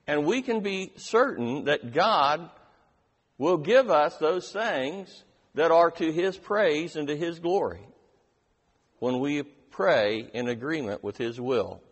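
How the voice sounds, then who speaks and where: A man preaching a sermon, reading scripture with strong emphasis and slowing down on key lines. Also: on the high side, animated, husky. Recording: reverberant hall.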